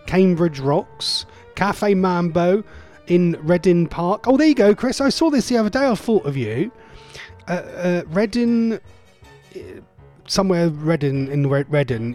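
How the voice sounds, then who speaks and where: A man's voice: fairly high pitch, a little mellow. A middle-aged man hosting a radio show in casual, rambling, jokey chat. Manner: rambling, chatty, loose and jokey. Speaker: radio host.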